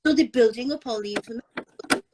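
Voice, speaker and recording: A woman's voice: fairly high pitch, fairly quick, noisy background. An older woman talking casually and bluntly about scammers on a live chat. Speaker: anti-scam advocate.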